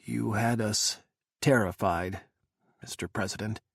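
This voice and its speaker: Guy reading as a wiped-out agent, grim and steady, gravelly and low. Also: measured pace, no echo, studio quality, heavily acted. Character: exhausted male Secret Service agent, grim and steady.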